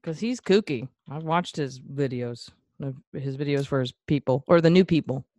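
A woman's voice: rumbling low, normal speed, darkish tone, no echo. A woman co-hosting a casual podcast, teasing and cracking jokes. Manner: wisecracking, teasing. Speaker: podcast co-host. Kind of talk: casual joking chat.

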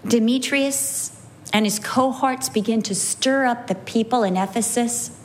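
Animated woman teaching a Bible lesson. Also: a little high, slight background noise. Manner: animated storyteller, slows for emphasis. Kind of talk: sermon teaching with anecdotes.

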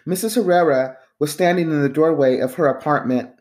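Narrator: woman with a deep voice, steady audiobook reading. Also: brisk. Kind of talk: scripted narration.

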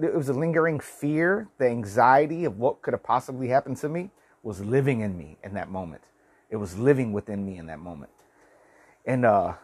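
A man in his forties telling a story in a casual vlog, rambling and swearing with many restarts. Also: medium pitch. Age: 40s. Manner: rambling, profane, lots of restarts. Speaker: vlogger.

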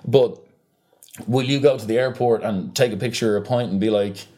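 Young man, podcast co-host, casual chat, animated rant, swearing, lowish pitch. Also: normal speed. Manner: animated ranting, swears freely.

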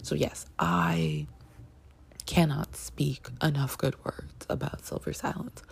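Woman, book review chat, low voice, gravelly fry, chatty and gushing. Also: takes it slowly, in a whisper. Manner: gushing and chatty, heavy fillers, excited pitch jumps.

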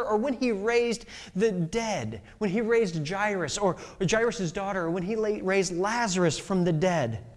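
A man's voice: high voice, a little mellow, in a large hall. A young man preaching a sermon in a casual storytelling way, full of fillers and restarts. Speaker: pastor.

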